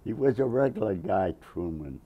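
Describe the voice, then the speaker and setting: A man's voice: lowish voice, lively intonation, moderate pace, slightly rough, narrow, tinny audio. A man in his nineties, a Navy veteran, telling a long rambling story in an oral history interview, chuckling and acting out the quotes. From Massachusetts, USA. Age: 90s.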